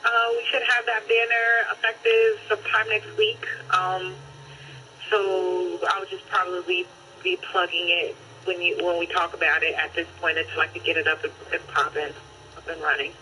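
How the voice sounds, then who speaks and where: A man answering the host haltingly, with many pauses and fillers. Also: high-pitched, pushed and bright, slight background noise, low-quality recording. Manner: hesitant, halting.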